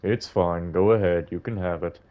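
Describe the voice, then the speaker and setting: A man voicing a kindly, gentle older man in a record store scene of a video game. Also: sits low, fairly even intonation, phone-quality sound, pitched below the performer's own voice, close to an everyday voice. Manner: gentle and unhurried.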